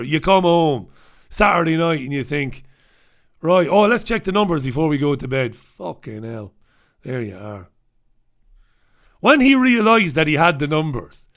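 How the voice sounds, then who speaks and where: A man's voice: a little high, fairly bright tone. A man hosting a casual newspaper review, chatty and irreverent, swearing and laughing at his own jokes. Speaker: host.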